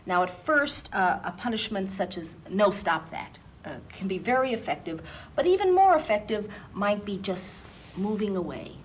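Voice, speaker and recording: A woman psychologist instructing parents and coaching a child, encouraging, with short repeated praise and filler pauses. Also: medium pitch, very animated, slight background noise. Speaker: psychologist running therapy sessions.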